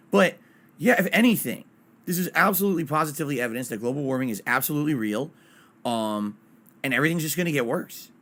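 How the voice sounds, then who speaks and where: A man on a casual stream, talking from a small closed-up home office. He rants in an animated way and swears freely, and his voice sits slightly higher than most men's. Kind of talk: casual solo stream chat.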